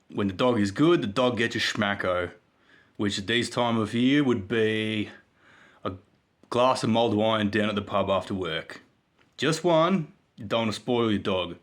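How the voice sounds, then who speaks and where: A man's voice: on the low side, fairly bright tone. A man giving a rambling, jokey self-help monologue for his vlog. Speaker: vlogger.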